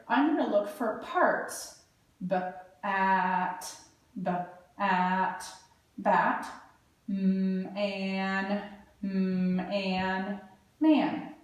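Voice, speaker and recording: A woman teaching young children to read, speaking slowly and patiently as she sounds out parts of words. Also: mid-range voice, distant mic. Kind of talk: early reading lesson for children. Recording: echoey room, voice from afar.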